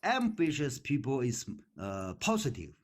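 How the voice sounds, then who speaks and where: In a relaxed practice conversation, a retired sixty-something man uses basic, hesitant non-native English peppered with fillers. He speaks at medium pitch, though his pitch swings hugely.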